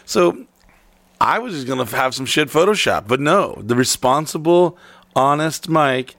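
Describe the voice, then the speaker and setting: A man chatting casually and telling a story, swearing often and deadpan in his delivery. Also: fairly high pitch, a little slow, no echo. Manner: profane, deadpan.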